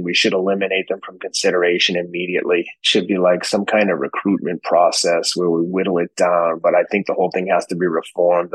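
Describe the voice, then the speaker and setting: A middle-aged man with a Boston accent and a low, deep voice tells a story in a loose, salty way. He throws in quick impressions of other people. His voice sounds dry and close to the mic. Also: dry recording, poor audio. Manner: profane, animated anecdotes with put-on voices. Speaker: podcast guest. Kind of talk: casual storytelling.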